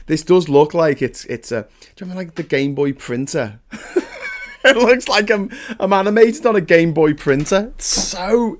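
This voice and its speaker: Guy on his morning livestream, chatty and sweary, thanks viewers as he goes. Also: fairly high pitch. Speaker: host of a morning live stream. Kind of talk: casual live-stream chat.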